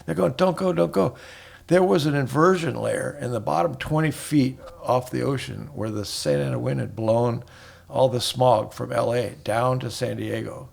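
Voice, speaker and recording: A man's voice: medium pitch, normal speed, gravelly. A man in his seventies, a guest in a casual chat, telling rambling stories with many restarts. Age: 70s.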